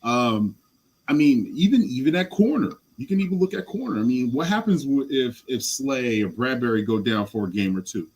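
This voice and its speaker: Husky, lively man on a podcast. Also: mid-range voice, moderate pace, rough recording. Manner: passionate, rambling, blunt. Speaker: podcast guest. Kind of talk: casual sports podcast chat.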